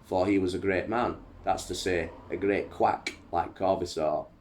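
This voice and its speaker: A jovial male emperor teasing his doctor, as a man reading a history book puts him on. The deep voice lifts a touch for the mocking lines. A faint hiss sits under the home reading. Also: steady tone, unhurried, a little mellow.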